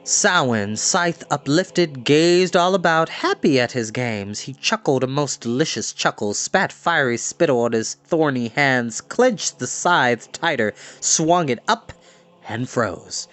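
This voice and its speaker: A male storyteller reading a book aloud, slow and deliberate. His pitch rolls up and down expressively, giving the narration a dramatic lift. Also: animated, fairly bright tone.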